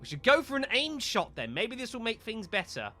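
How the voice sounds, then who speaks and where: Animated, bright-voiced male game streamer. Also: extremely high pitch, a little fast, soft background music. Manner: exasperated, animated, addresses viewers as folks. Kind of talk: live gameplay commentary.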